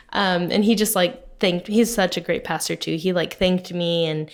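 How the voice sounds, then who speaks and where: Chatty storytelling woman, lowish voice. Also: fairly even intonation, moderate pace, hardly any pauses. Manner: chatty storytelling, many fillers, laughs often. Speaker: podcast co-host. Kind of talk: casual chat.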